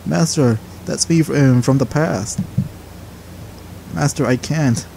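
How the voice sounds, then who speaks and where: A man's voice: mid-range voice, slow, creaky, mellow, a little hiss or hum. A man voicing a young male disciple who is panicked and pleading, stammering and strained.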